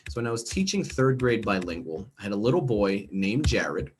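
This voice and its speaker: A middle-aged American man with a fairly low, sing-song voice leads a teacher training workshop over a video call at a moderate pace, with a little hiss or hum in the audio. His professional development presentation is chatty and conversational, full of check-ins like "okay?" and "right?".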